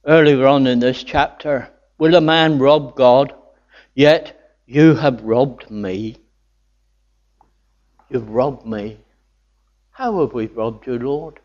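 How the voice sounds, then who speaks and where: Slow, earnest older preacher, lo-fi. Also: male voice, medium pitch, a little mellow. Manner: earnest, rising to enthusiastic exclamations. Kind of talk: sermon. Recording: dull lo-fi recording.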